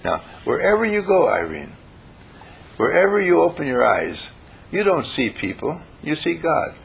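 A man preaching a storytelling sermon in a playful, animated way, acting out the people in his story. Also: fairly high pitch, moderate pace, creaky, breathy edge. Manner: animated, playful, acts out voices.

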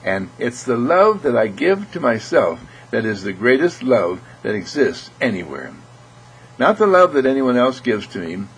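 A man giving an earnest inspirational spiritual talk, repeating phrases and often clearing his throat. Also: medium pitch, big pitch swings, moderate pace, poor audio. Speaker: spiritual speaker.

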